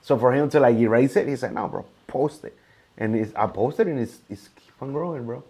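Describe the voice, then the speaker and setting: A man's voice: mid-range voice, fairly quick, a little mellow, husky. A male host in casual conversation, recounting a story in a loose, rambling way.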